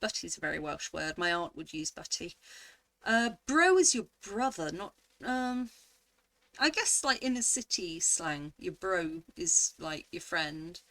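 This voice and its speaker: A woman's voice: fairly low pitch, big pitch swings, unhurried, fairly bright tone, no echo. A woman in her forties, a vlogger chatting casually as she reads quiz options aloud and muses over each word.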